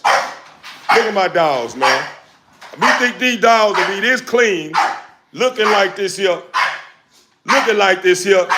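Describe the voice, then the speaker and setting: A man on a livestream, loudly and confrontationally answering viewers in casual slangy talk, recorded without a lapel mic. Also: sits high, heavy background noise. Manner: loud, confrontational, repetitive, slangy. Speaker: dog breeder streamer answering chat. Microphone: no lapel mic, phone or camera mic.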